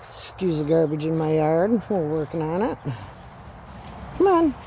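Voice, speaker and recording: A woman's voice: deep voice, normal speed, mellow, slight background noise. A woman casually talking through a dog training walk in her yard, breaking off to give her dog short commands and praise. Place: outdoors in her yard near chickens.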